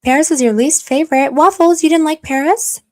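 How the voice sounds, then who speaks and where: A woman's voice: high voice, fairly quick, a little mellow. A young woman hosting a casual live stream, chatting freely, reading comments and teasing her viewers with mock stern warnings. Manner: chatty and self-deprecating, reads chat aloud, slips into mock stern warnings. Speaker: livestream commentary host.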